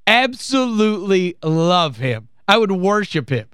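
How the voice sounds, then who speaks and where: A man's voice: high voice, sing-song, unhurried, a bit bright, smooth, dry recording, clean studio sound. A man hosting sports talk radio, gleeful and mocking as he plays clips. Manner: gleeful, mocking, laughs often.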